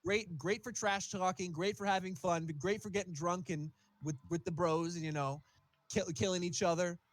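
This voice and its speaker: A man's voice: sits high, steady tone, normal speed. A man co-hosting a casual gaming podcast, joking and hyping his picks like an announcer. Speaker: podcast co-host.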